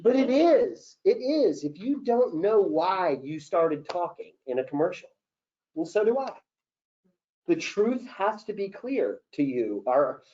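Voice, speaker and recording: Man, casting director, acting workshop Q&A, animated coaching, slightly higher voice, muffled lo-fi sound. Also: unhurried. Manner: animated, coaching, acts out example lines. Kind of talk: coaching Q&A with actors. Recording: dull lo-fi session recording.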